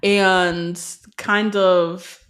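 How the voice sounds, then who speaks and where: A woman's voice: lowish voice, flat delivery, drawn-out words, a bit bright, clean tone. A woman co-hosting a podcast, recapping a reality show in casual, candid chat with profane, sarcastic asides. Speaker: podcast co-host.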